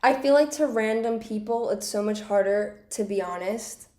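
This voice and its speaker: A woman hosting a casual chat, playful and quick with questions and laughter. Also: a little high, mellow. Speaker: host. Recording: roomy echo.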